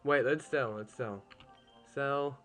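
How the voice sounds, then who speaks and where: A man's voice: mid-range voice, takes it slowly, fairly bright tone, faint music behind. A young man casually commentating a game he is playing at home, chatty and easily annoyed, swearing at the game now and then. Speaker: gameplay commentator.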